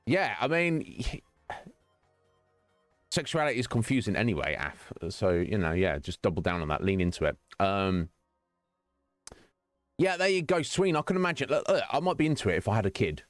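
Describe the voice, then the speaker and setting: A man's voice: lowish voice, big pitch swings, moderate pace, pauses often, no room sound, soft background music. A male streamer chatting casually with viewers during a game stream, rambling and teasing, laughing often.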